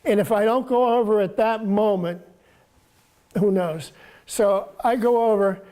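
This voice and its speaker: A man in his seventies with a soft voice, telling stories in a halting, casual way as a guest author. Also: sits high, steady tone. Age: 70s. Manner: halting, repeats words, chuckles through stories. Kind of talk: casual storytelling talk.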